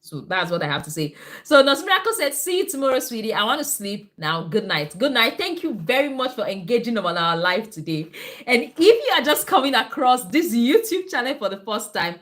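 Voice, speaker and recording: A woman's voice: a little high, sing-song, fairly quick, a bit bright. A woman, a nurse and midwife, hosting a casual live health stream, chatty and repeating herself as she answers viewer comments.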